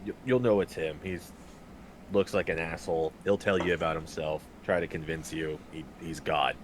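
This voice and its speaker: A man with a very low voice plays a tabletop game and throws in dry, joking remarks, with a faint hiss under his voice. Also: steady tone, moderate pace. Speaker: player. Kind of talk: casual tabletop play.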